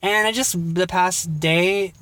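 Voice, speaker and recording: A young man with a fairly high voice chats casually as a podcast co-host. He rambles, curses freely and fills his sentences with "like" and "um". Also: slow, pushed and bright, no room sound. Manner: chatty, rambling, curses freely, lots of fillers. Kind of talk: casual chat.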